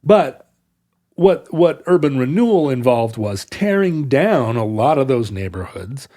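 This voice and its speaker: A man's voice: medium pitch, very animated, a little slow, warm tone. A man co-hosting a podcast, talking through history in a long, winding, explanatory way. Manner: discursive, explaining history at length. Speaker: podcast co-host. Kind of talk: casual chat.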